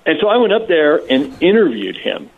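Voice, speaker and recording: A man calling in to a radio show, telling a story in an animated, laughing way. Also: fairly high pitch, moderate pace, creaky. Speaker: radio show guest on phone. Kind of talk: casual storytelling. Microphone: phone. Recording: tinny phone line.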